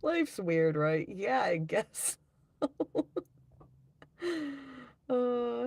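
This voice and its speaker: Hosting a live stream, a woman reads out viewer comments and chats in a rambling, casual way, laughing at herself easily. Her voice is on the high side, very animated, gravelly and darkish in tone.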